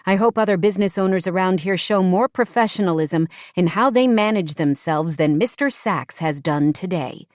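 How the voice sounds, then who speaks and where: A woman's voice: on the low side, moderate pace, few pauses, a little mellow, no echo, studio quality, close to an everyday voice. A woman voicing a poised upper-class woman who speaks coldly and firmly, in an audiobook. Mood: icy. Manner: cold, precise, steely.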